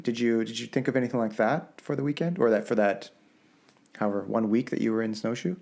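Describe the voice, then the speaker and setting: A man's voice: mid-range voice, fast talker, creaky, a little mellow. Canadian guy host, jokey, rambly questions, casual podcast chat. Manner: chatty, joking, rambling questions.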